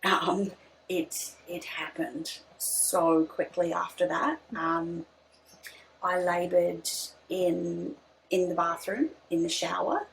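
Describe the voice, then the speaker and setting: A woman's voice: lowish voice, slow, gravelly, low-quality recording. A young woman, telling her birth story in casual chat, hesitant with many restarts. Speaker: podcast guest.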